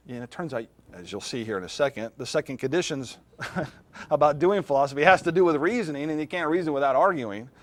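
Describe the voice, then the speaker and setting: A middle-aged man, a philosophy professor, lecturing a class in a classroom in a conversational way, often putting questions to his students. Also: medium pitch.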